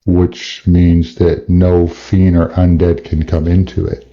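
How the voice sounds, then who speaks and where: A man's voice: low-pitched, completely flat delivery, slow, warm tone. A man playing in a tabletop game, asking blunt and curious questions, heard over lo-fi call audio. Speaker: player. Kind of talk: casual tabletop play.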